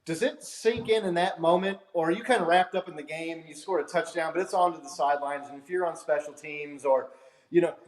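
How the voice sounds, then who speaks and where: Enthusiastic fan show host in an echoey room. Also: male voice, a little high, brisk. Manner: rambling, enthusiastic questions. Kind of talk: casual interview.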